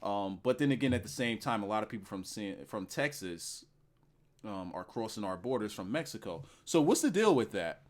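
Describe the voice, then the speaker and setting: A man in his forties from the northeastern US hosting a casual call, teasing his guests with a loud, profane manner. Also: fairly low pitch, sing-song, normal speed. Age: 40s. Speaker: host. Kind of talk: casual chat on a stream.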